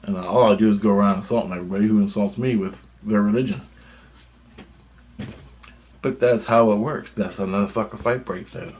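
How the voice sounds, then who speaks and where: Blunt, foul-mouthed man in his fifties, lowish voice. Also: fairly even intonation, a little fast, pauses often, a little mellow. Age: 50s. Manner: profane, blunt and rambling. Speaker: vlogger. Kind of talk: rambling spoken monologue.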